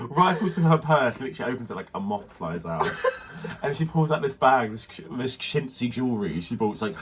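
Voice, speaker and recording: A young British man co-hosting a chatty podcast, telling an animated, gossipy story and acting out the people in it. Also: medium pitch, a little fast, hardly any pauses, noisy background. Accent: British English. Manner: animated, gossipy, acts out voices in anecdotes. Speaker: podcast co-host. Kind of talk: casual storytelling chat.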